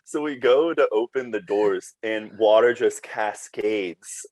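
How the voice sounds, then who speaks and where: A man's voice: lowish voice, takes it slowly, crowd noise, rough recording. A man, a former team PR staffer, telling casual stories as a podcast guest and laughing through them. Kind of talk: casual storytelling chat.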